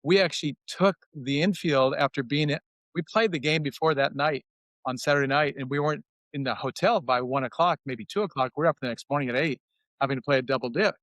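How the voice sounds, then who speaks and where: A man's voice: a little high, fairly quick, no room sound. A man in his sixties, a former player, telling stories about his old coach in casual podcast talk, acting out quotes in a raised voice. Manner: animated, acts out quotes in a raised voice. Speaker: former player sharing memories.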